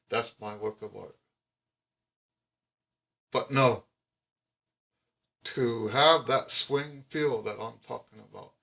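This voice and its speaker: Slow, emphatic trumpet teacher, a man. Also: mid-range voice, creaky, sharp tone. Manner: emphatic, repeats key points, frequent restarts. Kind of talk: explaining music to camera.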